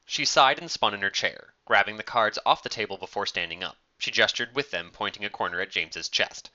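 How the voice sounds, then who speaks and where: A man reading a story aloud as narrator, in a measured, expressive way, on a dull lo-fi recording. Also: on the low side.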